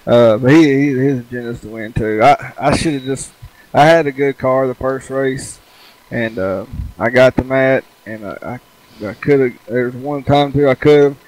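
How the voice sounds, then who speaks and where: A man's voice: mid-range voice, normal speed, darkish tone, rough recording. A man, a race driver talking about his race in a casual, rambling way.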